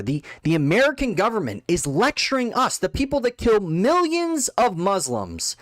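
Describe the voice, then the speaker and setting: Man, angry contemptuous rant, lively pitch swings, dry close sound. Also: no echo. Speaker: political commentator. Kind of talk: ranting monologue.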